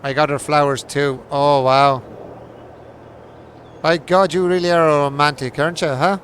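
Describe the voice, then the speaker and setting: This streamer plays a farming game and keeps up casual, jokey banter with his viewers, poking fun at them, laughing often and swearing freely. His voice is on the high side and fairly bright, steady in tone at normal speed, with a little hiss or hum.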